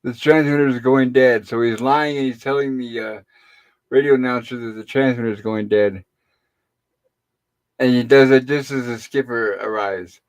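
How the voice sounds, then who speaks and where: A man's voice: mid-range voice, steady tone. Middle-aged man rambling through a recap. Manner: rambling retelling with pauses and fillers. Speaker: host. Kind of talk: casual episode recap on a live stream.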